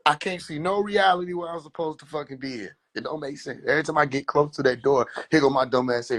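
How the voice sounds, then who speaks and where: A young man livestreaming from his phone, rambling in an animated, profane way and slipping into quoted voices. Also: fairly high pitch, fast talker, few pauses. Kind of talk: rambling casual livestream monologue. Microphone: phone on a live stream.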